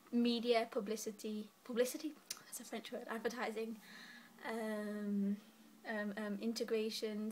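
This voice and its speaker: A woman's voice: fairly high pitch, fairly bright tone, slight background noise. A young woman in her late teens chatting casually to camera from her bed, giggly and rambling, a little out of breath. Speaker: student vlogger. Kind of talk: casual vlog chat. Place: bedroom, lying in bed.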